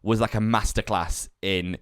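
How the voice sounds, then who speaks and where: A man's voice: on the low side, steady tone, normal speed, a bit bright, clear, resonant tone, dry recording, studio quality. A man co-hosting a golf podcast, chatting in easygoing banter. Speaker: podcast co-host. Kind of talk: casual chat.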